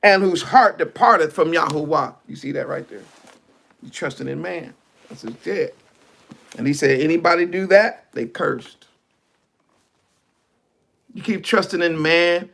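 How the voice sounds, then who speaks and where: A man's voice: on the high side, a little slow, gravelly, pauses often, a bit bright. A male preacher giving a fiery, colloquial online sermon, reading scripture and preaching it.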